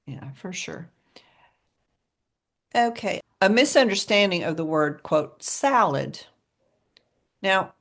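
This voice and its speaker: Lowish Southern US woman, chatty co-host. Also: gravelly. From American South. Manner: chatty storyteller, laughs often. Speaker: podcast co-host. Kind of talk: casual chat.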